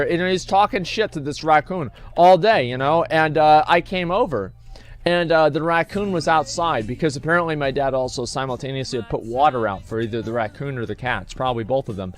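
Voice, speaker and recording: A man's voice: fairly high pitch, a little fast, soft background music. A man telling a long story casually to his stream audience, rambling and swearing freely. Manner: rambling, profane, restarts and fillers.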